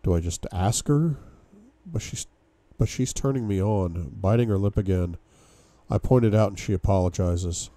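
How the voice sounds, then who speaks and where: Dark-voiced man reading a novel aloud. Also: lowish voice, moderate pace, dry recording. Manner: dramatic first-person reading with sudden outbursts. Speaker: book club reader.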